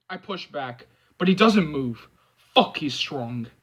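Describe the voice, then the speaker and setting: A man hosting a movie fan channel, reading a book excerpt aloud and then chatting casually about it in an animated way. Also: on the high side, measured pace, slightly rough, rough recording. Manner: animated, expressive.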